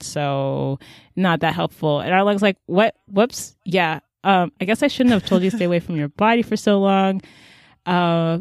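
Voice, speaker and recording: A woman co-hosting a casual podcast, recapping a story with lively acted-out quotes. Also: lowish voice, dry recording, clean studio sound. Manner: animated storytelling, acts out quotes in quick voices. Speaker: podcast co-host recapping a drama. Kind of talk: casual chat.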